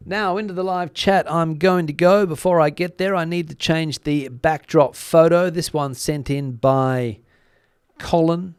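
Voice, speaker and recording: A man's voice: fairly high pitch, measured pace, clear, resonant tone, dry recording, clean studio sound. Chatty man hosting a live stream. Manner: relaxed, chatty, frequent uh fillers. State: slightly worn voice. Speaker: YouTube news channel host. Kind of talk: live stream chat with viewers.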